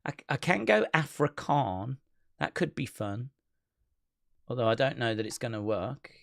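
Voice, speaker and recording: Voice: mid-range voice, sing-song, a little slow, gravelly, fairly bright tone. A stream host talks casually into a desk mic, reading out chat comments with a playful touch. The voice rises and falls a great deal. It sounds chatty and unscripted. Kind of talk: casual watch-along chat.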